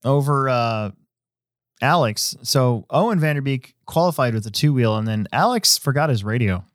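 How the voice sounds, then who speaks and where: A man hosting a casual podcast, talking in a rambling, relaxed way with many fillers and restarts. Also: mid-range voice, normal speed, no echo, clean studio sound. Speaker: host; hobby shop owner.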